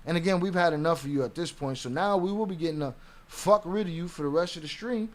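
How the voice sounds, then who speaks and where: A man's voice: fairly high pitch, quick pace. A man streaming live and reacting to an interview, ranting at a viewer in a profane, confrontational way.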